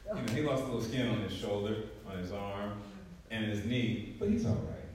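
Speaking with a lowish, expressive, slightly mellow voice at a fairly quick clip, a man in his 40s preaches in a church sanctuary. He is a preacher and track coach who keeps things conversational, joking and laughing often, and the mic sits at a distance in a very echoey hall.

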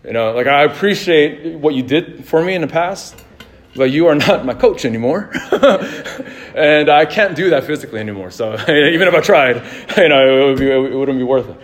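Preaching a sermon, a thirty-something pastor speaks with a slightly high voice, lively intonation, and moderate pace. His delivery is chatty and anecdotal, with easy laughter and lots of false starts.

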